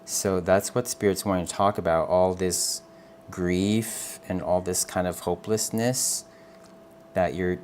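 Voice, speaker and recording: A man giving a live tarot reading to viewers. He speaks in a gentle, earnest, reassuring way, calls the listener honey, and keeps checking in with "okay?". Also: low voice, slow pace, long pauses, slight background noise. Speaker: tarot reader.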